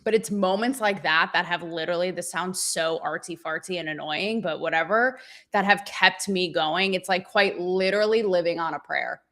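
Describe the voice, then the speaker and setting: A woman hosting her show, talking candidly in a profane, animated, rambling and self-mocking way. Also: on the low side, normal speed. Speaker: show host. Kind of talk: candid livestream monologue.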